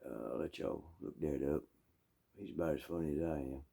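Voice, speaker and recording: A man with a Southern US accent telling a rambling, folksy story full of asides and throat-clearing. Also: extremely low pitch, brisk, mellow. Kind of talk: casual storytelling.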